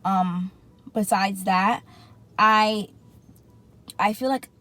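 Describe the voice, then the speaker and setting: A woman's voice: mid-range voice, very slow. A woman vlogger, telling a casual story while in some pain after surgery and acting out her own reactions. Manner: animated, acts out her own reactions in quotes.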